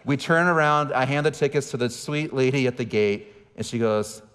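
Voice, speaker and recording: A man's voice: mid-range voice, normal speed, a bit bright, smooth. A man in his forties, a campus pastor, giving a conversational sermon with candid, self-deprecating stories. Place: church auditorium. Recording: reverberant hall.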